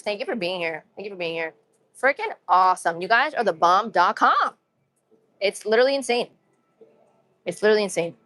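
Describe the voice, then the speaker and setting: A young Massachusetts woman talks in a medium-pitched, fairly bright voice on a dry recording. Upbeat and casual, she chats with her livestream viewers in a New England accent with some urban slang, frequently repeating phrases.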